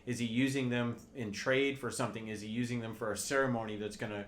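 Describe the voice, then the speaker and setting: A man's voice: mid-range voice, steady tone, quick pace, slight background noise. Man chatting in a roomy space. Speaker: podcast co-host. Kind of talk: casual chat about tabletop games.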